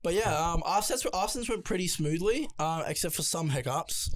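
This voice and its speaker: A man's voice: a little high, expressive, moderate pace. A young man co-hosting a podcast in casual chat, laid-back, with lots of ums and free swearing. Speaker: podcast co-host.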